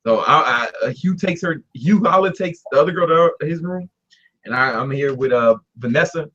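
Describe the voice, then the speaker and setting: A young man telling a story in casual talk, animated and laughing, doing voices for the people in it. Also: on the high side, a little fast, breathy edge, highs cut off. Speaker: guest storyteller.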